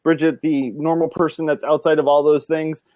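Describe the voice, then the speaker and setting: A man hosting a casual panel chat, rambling and relaxed, with many fillers. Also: fairly high pitch, moderate pace, no room sound. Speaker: podcast host.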